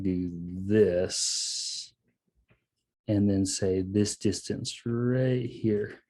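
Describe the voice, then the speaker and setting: In an online math lesson, a man explains each step casually, often filling pauses with "um" and "okay." He speaks in a lowish, warm voice.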